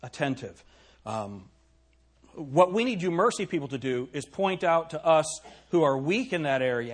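A middle-aged male pastor preaching in a church, his slightly raised voice swinging widely in pitch. The tone is husky and a little breathy, and he keeps putting rhetorical questions to the congregation. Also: big pitch swings, moderate pace. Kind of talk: sermon.

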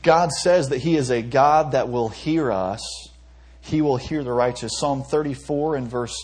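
A man's voice: mid-range voice, measured pace, darkish tone, slightly rough. A young man, a pastor, preaching a conversational sermon with frequent restarts and light laughs. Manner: conversational preaching with stumbles and self-amused laughs.

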